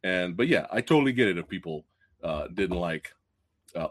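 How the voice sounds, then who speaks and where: A man hosting a casual movie review livestream, excitable and profane, swinging from loud outbursts to low mutters. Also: moderate pace. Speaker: podcast host.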